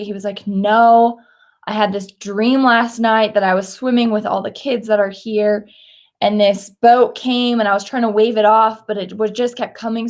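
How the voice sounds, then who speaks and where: A woman speaking at church, retelling a story in a conversational, animated way with casual fillers. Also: mid-range voice. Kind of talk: sermon with a retold story.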